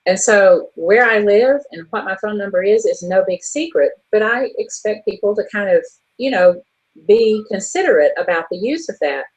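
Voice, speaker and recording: A woman's voice: medium pitch, expressive, normal speed, husky, poor audio. A woman co-hosting an online business show, frankly telling a story about a difficult contact in a chatty, exasperated way. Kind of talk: casual monologue telling a story.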